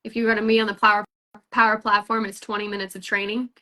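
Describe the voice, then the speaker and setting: A woman's voice: medium pitch, flat delivery, quick pace, bright, forceful tone. A woman hosting a casual recruiting chat for a sales team, upbeat and rambling, full of fillers and restarts.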